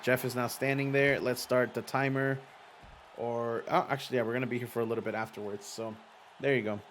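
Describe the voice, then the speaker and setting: This man's voice is mid-range and a bit bright. A streamer with young children, he hosts a simulated wrestling league on a casual livestream from a green screen at home, chatting with viewers, reading out their messages, and laughing and swearing freely.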